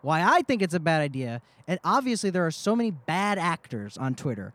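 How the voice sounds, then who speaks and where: Rambling, slightly high-voiced podcast man. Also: sing-song, brisk, a bit bright, dry recording. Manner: rambling, swears casually. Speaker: podcast co-host. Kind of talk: casual chat.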